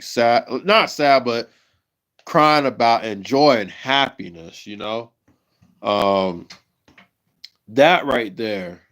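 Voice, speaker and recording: Slow-talking emotional man on a livestream. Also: medium pitch. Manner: halting, repeats himself, emotional. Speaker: livestream host.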